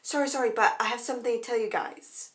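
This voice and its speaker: A woman doing a hurried, boisterous old sage. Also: a little high, steady tone, fairly bright tone, voice pushed up, close to an everyday voice. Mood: eager. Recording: echoey room.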